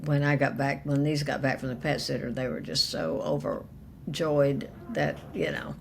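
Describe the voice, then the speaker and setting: A woman co-hosting a casual podcast chat, speaking gently and haltingly with many pauses. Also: extremely low pitch, creaky, background noise. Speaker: podcast co-host.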